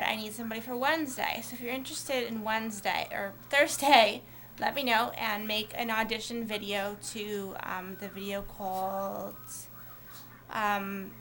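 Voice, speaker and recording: Rambling young woman vlogger, slightly high voice. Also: fairly bright tone, slight background noise. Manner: rambling, many fillers and restarts. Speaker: vlogger on a collab channel. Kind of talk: casual talk to camera.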